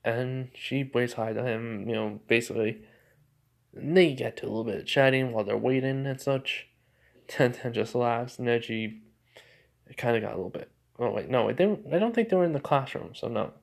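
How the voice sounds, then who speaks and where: A man's voice: medium pitch, moderate pace, vocal fry. Rambling man retelling a story. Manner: rambling, corrects himself often, many fillers. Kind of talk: casual retelling of a fan story.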